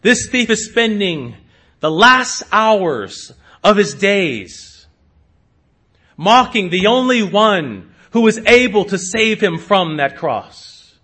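Pastor, male, high voice, deliberate sermon delivery with emphatic swells. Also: sing-song, breathy edge. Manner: slow, emphatic preaching with sharp rises in pitch and volume.

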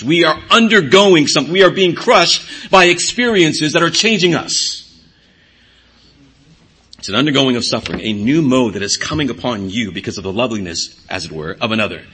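A man's voice: fairly high pitch, pushed and bright, husky. A middle-aged man preaching a sermon, teaching earnestly and repeating key words for emphasis. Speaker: pastor.

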